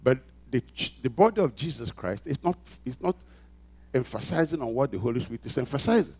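A man's voice: medium pitch, lively intonation, fairly quick, husky. Preaching man with call-and-response. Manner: call-and-response preaching, rising to loud emphatic peaks; repeats phrases for emphasis. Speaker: pastor. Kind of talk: sermon.

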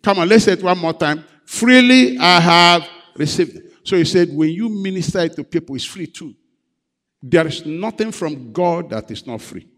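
A man's voice: a little high, moderate pace, a little mellow. A male pastor preaching a sermon. He repeats phrases and prompts the congregation to call out answers. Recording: long hall reverb.

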